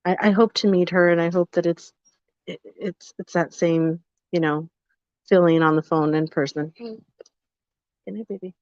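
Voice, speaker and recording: Talky woman co-host, lowish voice, kinda muffled dead-dry audio. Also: flat delivery, darkish tone, no echo. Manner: chatty storyteller, fast filler-heavy retelling. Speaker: podcast co-host. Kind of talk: casual live podcast chat. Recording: dull, dry lo-fi sound.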